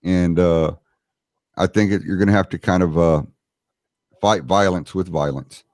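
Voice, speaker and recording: A man's voice: low-pitched, fairly even intonation, unhurried, darkish tone, no room sound, clean studio sound. A man hosting a casual political podcast, reading out chat comments in a hesitant, filler-heavy way.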